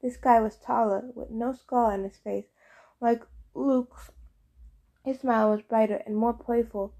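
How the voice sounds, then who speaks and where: A woman narrating a fantasy novel as an audiobook reader, in a steady storytelling read. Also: fairly high pitch, unhurried.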